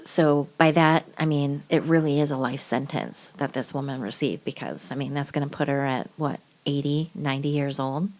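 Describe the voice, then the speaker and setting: Woman, low voice, podcast host, casual blunt true-crime chat, swears, lots of fillers. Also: fairly even intonation, normal speed, few pauses, darkish tone.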